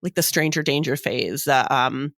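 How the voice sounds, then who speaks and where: Dry, studio-quality audio carries a woman's very deep voice. She co-hosts a podcast, telling animated stories at a moderate pace in relaxed conversation, using many fillers.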